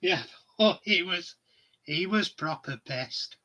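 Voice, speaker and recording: A middle-aged man, chatting casually and telling stories at an unhurried pace. His voice is high and very bright, and he laughs at his own anecdotes. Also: expressive. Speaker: livestream host. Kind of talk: casual chat.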